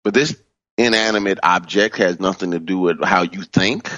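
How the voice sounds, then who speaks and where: A man teaching in a sermon style, stressing key words by swooping up in pitch and repeating phrases. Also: moderate pace, pushed and bright, no room sound, dull audio. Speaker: minister teaching from a book.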